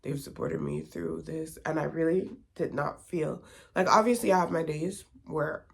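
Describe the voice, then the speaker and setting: A woman's voice: low voice, fairly even intonation, moderate pace, gravelly, slightly rough. A young woman telling her own story in a candid, confiding vlog testimony. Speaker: vlogger.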